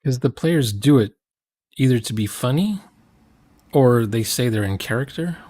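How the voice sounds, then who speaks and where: A man's voice: mid-range voice, lively intonation, normal speed, mellow, no room sound. A man chatting casually about role-playing games, rambling and trailing off with fillers.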